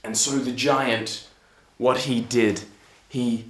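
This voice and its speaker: A man's voice: mid-range voice, level tone, slow. A man telling a fairy tale in a casual, playful way, with chatty asides to the listener. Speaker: storyteller. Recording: echoey room.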